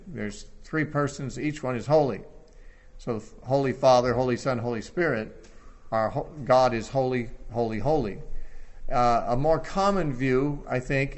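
Guy teaching through a bible chapter, talks casual with lots of uh's, voice goes up on the verses. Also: medium pitch. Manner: conversational, thinking aloud with fillers.

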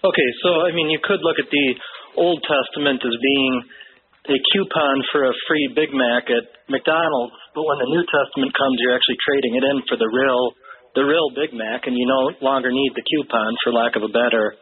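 A man's voice: mid-range voice, normal speed. Man calling in over a tinny line. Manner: agreeable, uses casual analogies. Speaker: caller.

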